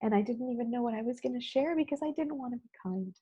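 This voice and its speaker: A woman's voice: on the high side, animated, fast, dark tone, breathy edge, lo-fi sound. A woman giving an earnest, personal keynote talk on video, speaking conversationally and often saying "you know". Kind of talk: motivational talk recorded on video.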